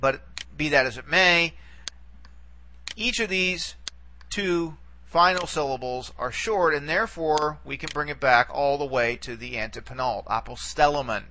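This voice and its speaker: A man with a bright, forceful voice teaches a recorded lesson, walking through each point patiently and pausing to check in with the listener. A faint hum of room ambience sits behind him. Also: a little high. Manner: patient, explains step by step with frequent "okay" and "all right".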